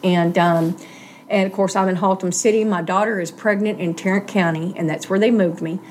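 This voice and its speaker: A woman's voice: fairly low pitch, steady tone, brisk, a little mellow, a little hiss or hum. Middle-aged woman, plain earnest storyteller. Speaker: guest sharing recovery story. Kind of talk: personal testimony, casual storytelling.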